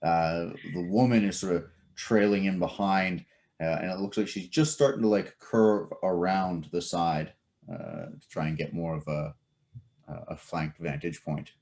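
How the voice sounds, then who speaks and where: A man narrating a tabletop game as game master, casual and halting with many fillers. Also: sits low, a little mellow.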